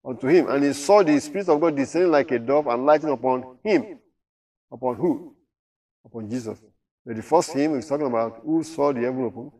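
A man leads a Bible study at a middling pitch. He reads verses aloud, then explains them and keeps asking his listeners questions. His voice sits a little back from the microphone. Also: brisk, a little mellow, recorded from a distance. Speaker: Bible teacher.

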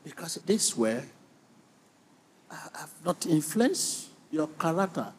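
A middle-aged male pastor preaching a sermon in a slow, deliberate way, repeating phrases rhythmically and calling on the congregation to respond. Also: fairly high pitch, very animated, slight background noise.

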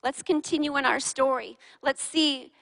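A woman preacher with a high voice leads a lively sermon, throwing questions at her congregation and joking with them. Her tone is bright and sharp. A long reverb from the large hall trails behind every word. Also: normal speed, vocal fry. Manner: animated, fires questions at the congregation and teases them. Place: large church hall with a live and online congregation.

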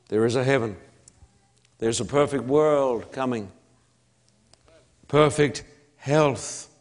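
An Australian man preaching a sermon at an unhurried, deliberate pace. His voice sits in an ordinary middle pitch, and he leans hard on each phrase, repeating words for emphasis and pausing between lines. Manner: emphatic, slow preaching with long pauses and repetition.

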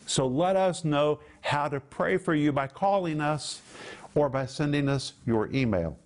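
This is a male Bible teacher hosting a television program. His voice sits slightly high, and he speaks emphatically, stretching out key words for weight. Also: lively intonation, normal speed.

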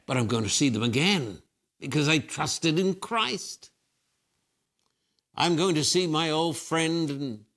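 A man's voice: on the high side, fairly bright tone. An older man, a Christian preacher answering questions with emphatic, repetitive preaching. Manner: emphatic preaching with repeated phrases. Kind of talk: fervent spiritual interview answers.

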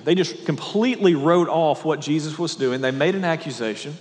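A man's voice: fairly high pitch, lively intonation, normal speed, hardly any pauses. A man preaches a sermon in a slightly raised voice, explaining a scripture passage verse by verse. He breaks in with casual asides to his listeners. His voice carries a long reverb from a large hall. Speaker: pastor.

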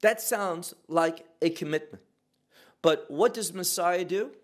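A man's voice: high-pitched, takes it slowly. A man preaching a sermon as pastor, explaining scripture with rhetorical questions.

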